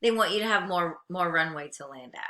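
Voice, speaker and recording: A woman's voice: on the low side, lively intonation, brisk, sharp tone. A woman instructor giving a recorded lecture, reading regulations aloud and then explaining them plainly to her students. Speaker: aviation instructor.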